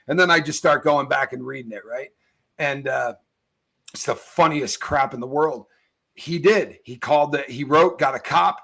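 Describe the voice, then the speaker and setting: A man's voice: medium pitch, normal speed, creaky, bright, forceful tone. A middle-aged man hosting a casual show, telling stories animatedly, laughing mid-sentence and using a lot of slang. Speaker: podcast host. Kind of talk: casual storytelling chat.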